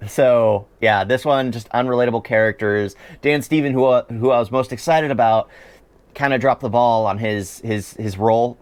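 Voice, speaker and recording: A man's voice: medium pitch, moderate pace, no echo. A man giving a chatty, opinionated spoken review of a series, often laughing as he talks.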